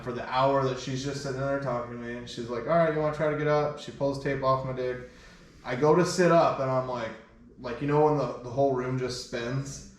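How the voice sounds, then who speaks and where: A man hosting a casual podcast, telling a crude story with animated quoted voices. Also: medium pitch, slight background noise. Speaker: podcast host. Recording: echoey room from far off.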